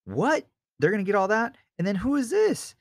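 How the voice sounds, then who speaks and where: A man's voice: on the high side, fast, no echo, clean studio sound, pitched above the performer's own voice, close to an everyday voice. A man voicing a young shepherd full of bold faith, exclaiming in shocked disbelief. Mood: amazed. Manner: excited, incredulous exclaiming.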